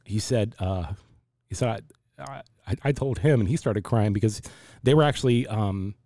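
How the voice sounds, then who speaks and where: A man in his forties with a low, mellow voice, talking through his faith in an unhurried, reflective way. He often stops and restarts his sentences. The recording is dry and close. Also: no echo. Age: 40s. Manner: reflective, halting with many restarts. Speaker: pastor. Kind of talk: casual faith discussion.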